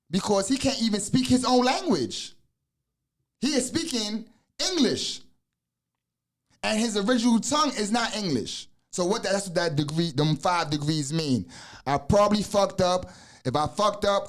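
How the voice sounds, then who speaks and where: A casual, swearing podcast host in his 40s. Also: high voice. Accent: American. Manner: loose and profane, with many asides and restarts.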